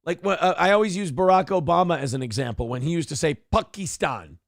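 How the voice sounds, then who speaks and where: A man's voice: fairly high pitch, expressive, quick pace, gravelly, no room sound, studio quality. A man from Minnesota hosting a casual commentary show, ranting sarcastically and swearing freely. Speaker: host.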